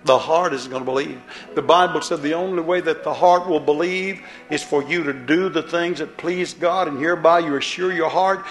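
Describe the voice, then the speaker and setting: A man's voice: fairly high pitch, fairly even intonation, moderate pace, few pauses, roomy sound, soft background music. A man preaching a fiery sermon, pleading and throwing rhetorical questions at the congregation.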